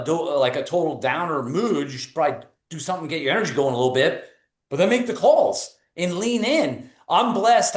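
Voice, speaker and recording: Energetic New England man coaching. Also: a little high, roomy sound. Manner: energetic storytelling, casual fillers. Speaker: performance coach guest. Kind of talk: motivational webinar talk.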